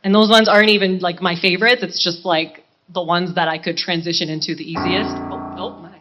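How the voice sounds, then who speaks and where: A woman's voice: fairly low pitch, little pitch movement, fairly quick, faint music behind. A woman in her thirties, a singer talking to a live audience between songs, gushing and laughing at herself in chatty banter. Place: live charity event stage. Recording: dull, muffled live recording.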